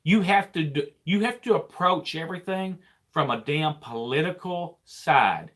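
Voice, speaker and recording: A man's voice: a little high, expressive, a little slow, a bit bright. A man, a trucker hosting a casual live chat, rambling and repeating himself as he talks. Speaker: trucker and channel host.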